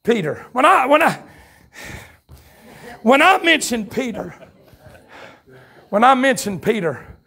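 A man with a Southern US accent preaching a revival sermon in a church, shouting his lines in a fiery way, with folksy turns of phrase, quick asides and chuckles. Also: very high-pitched, very animated, gravelly, breathy edge. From North Carolina, USA. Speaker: pastor. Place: church sanctuary at a campmeeting. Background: congregation calling out responses.

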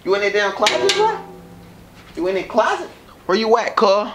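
A man's voice: high-pitched, very animated, normal speed, fairly bright tone, a little hiss or hum, voice pushed up. A man playing a swaggering young gangster who stalks someone through a house in a homemade comedy skit, taunting and cursing in sing-song calls. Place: house indoors. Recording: roomy room, far mic, music behind.

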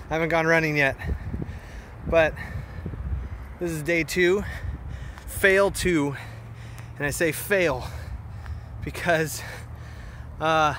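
A man's voice: a little high, takes it slowly, long pauses, a bit bright, slight background noise. A young man vlogging outdoors at a muddy wildlife preserve, a little out of breath, talking into a phone held at arm's length, rambling and frustrated, then wistful. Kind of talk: casual outdoor selfie vlog.

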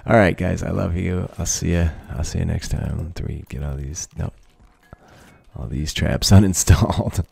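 A man's voice: low-pitched, fairly even intonation, moderate pace, vocal fry, a little mellow, slightly rough, no room sound. A man giving casual let's-play commentary, thinking aloud, swearing freely and laughing often. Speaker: gaming video creator.

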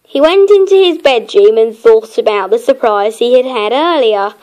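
A woman narrating her own homemade children's story in a gentle storytelling manner. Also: a little high, animated. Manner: gentle, slow storytelling with small laughs.

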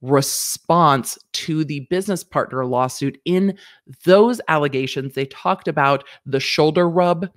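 Frank, animated woman host giving legal commentary, dry room. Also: dry recording. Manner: animated, mimics others in quick high-pitched voices; frank, swears casually. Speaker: lawyer and show host. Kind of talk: commentary vlog.

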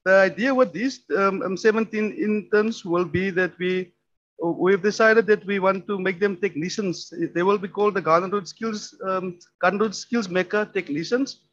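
A man presents at a public forum on municipal skills work. His voice sits high for a man, and he halts often with many filler sounds and restarts. The sound is dull and lo-fi. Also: normal speed, fairly bright tone. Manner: hesitant, many ums and restarts. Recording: dull lo-fi recording.

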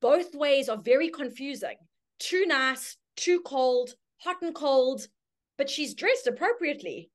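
A woman teaching a branding workshop, telling a story with lively, chatty delivery and acted-out voices. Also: a little slow. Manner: storytelling, acts out quoted voices with sudden high squeals. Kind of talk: live online workshop talk.

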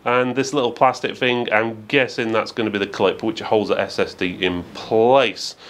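A man's voice: on the low side, fairly even intonation, moderate pace, a bit bright. A man giving a methodical, matter-of-fact product review with frequent fillers. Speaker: tech reviewer.

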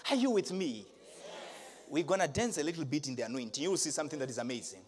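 A man preaching a live sermon to a congregation, speaking emphatically, asking the crowd questions and rising to shouts. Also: a little high, animated, fast talker, faint music behind. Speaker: pastor. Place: large church hall.

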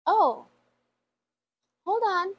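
A high-pitched woman talks casually to her viewers, opening mail with lots of fillers and heartfelt asides. Her voice sits well above the usual for a woman. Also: very animated, extremely slow, creaky. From USA. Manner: chatty and emotional, many fillers like "like" and "y'all". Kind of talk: casual chat.

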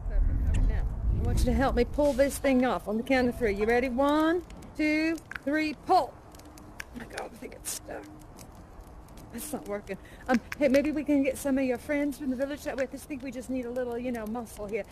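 A high-voiced, chatty aviator woman, played by an actress in a live immersive theater show. She tells her tales folksily and keeps breaking into exclamations. Her voice sits high and bright over her talk. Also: fairly quick, slight background noise, natural voice. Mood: folksy.

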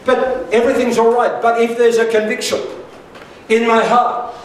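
His level, fairly high voice echoing through a very reverberant church hall, an older pastor preaches a sermon. He is picked up from a distance, telling a personal story with humour and quick asides, over a faint hiss.

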